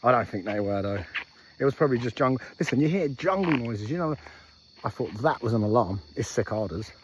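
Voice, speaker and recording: Engine and jungle noise fill the noisy outdoor camera audio as this man vlogs from a moped, chatting casually, rambling and making self-deprecating jokes. His medium-pitched voice is animated and brisk, occasionally drifting into a fake Australian-style accent.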